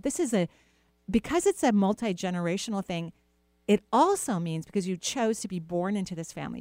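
A woman's voice: fairly low pitch, dry recording. Reassuring woman host, dry close voice. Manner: warm, reassuring, playful asides. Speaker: radio show host, intuitive healer. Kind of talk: casual advice talk to a caller.

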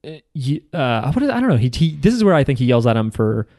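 A man's voice: mid-range voice, big pitch swings, fast, a little mellow, no echo, clean studio sound. A young man co-hosting a casual chat, recapping an anime episode in a rambling, sarcastic way with lots of fillers.

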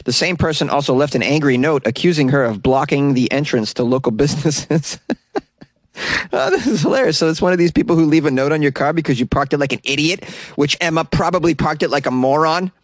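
A man's voice: a little high, fast talker, no room sound. Man, podcast host, comedic news commentary, wisecracking, chuckling, dry close recording.

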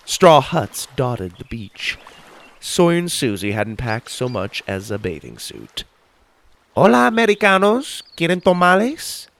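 Expressive low-voiced male storyteller. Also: unhurried, creaky. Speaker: narrator. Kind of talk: audiobook narration for children.

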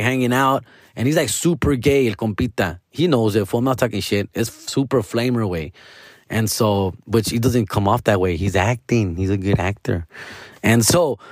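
A man's voice: medium pitch, dry recording, studio quality. A man telling a casual story to his followers, slangy and profane, mixing Spanish words into his English. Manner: peppers talk with "fool" and "dog". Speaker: actor vlogging to followers.

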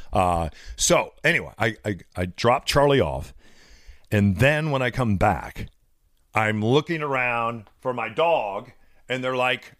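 A man in his fifties tells a rambling story on a podcast, his pitch leaping around as he acts out the quotes. The sound is close and dry, with no room around it. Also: lively intonation, a little slow, fairly bright tone, no room sound. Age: 50s. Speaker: podcast co-host. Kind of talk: casual podcast chat.

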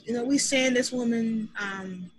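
A woman's voice: on the high side, unhurried. A woman co-hosting a podcast call, playful, often stumbling and repeating words. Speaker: podcast co-host. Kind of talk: casual chat on a call.

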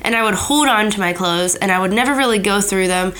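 A woman in her thirties talks easily and candidly as a podcast host. Her voice sits at a middle pitch and has a light nasal tone from a cold. She sounds casual and chatty the whole way through. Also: fairly quick, a bit bright.

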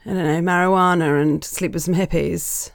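A woman's voice: fairly low pitch, fairly even intonation, normal speed, gravelly, no room sound, clean studio sound. A woman co-hosting a podcast, bantering playfully in a casual chat. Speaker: podcast co-host, comedian.

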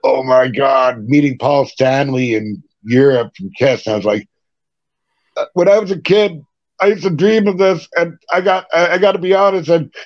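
A middle-aged man, a punk rock singer, telling stories as a podcast guest in a casual, animated way, swearing and laughing between anecdotes. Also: on the high side, moderate pace, no room sound. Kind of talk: casual interview storytelling. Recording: dry, dull lo-fi sound.

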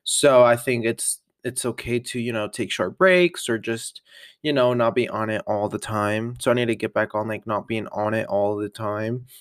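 A man's voice: lowish voice, fairly even intonation, normal speed, dry recording, studio quality. Chatty upbeat man rambling to camera. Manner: rambling, upbeat, lots of fillers and laughs. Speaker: vlogger. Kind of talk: casual catch-up vlog chat.

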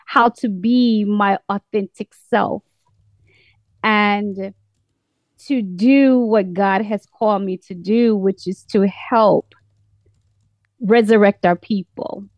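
A woman with a British-sounding accent, a caller giving a measured, earnest testimony on a call-in program. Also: mid-range voice, fairly even intonation, a little mellow, no room sound. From United States.

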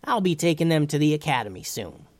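A man voicing a brisk, no-nonsense woman in a storybook reading, pitching his voice well up and speaking matter-of-factly. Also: big pitch swings, darkish tone, dry recording.

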